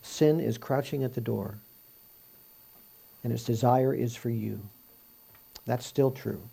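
A man's voice: medium pitch, takes it slowly, creaky, mellow, husky. A man giving a conversational Bible teaching, explaining scripture verse by verse and asking rhetorical questions.

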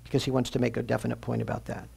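A man preaching a sermon as pastor, teaching earnestly and slowing down to stress key phrases. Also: mid-range voice, little pitch movement, gravelly, warm tone, breathy edge.

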